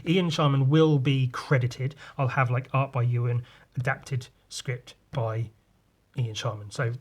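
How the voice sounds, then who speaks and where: A man's voice: mid-range voice, fairly even intonation, unhurried, a little mellow, slightly rough. A man, hosting a podcast, rambling casually about drawing and swearing freely. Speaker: podcast host and comic artist. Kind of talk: casual chat.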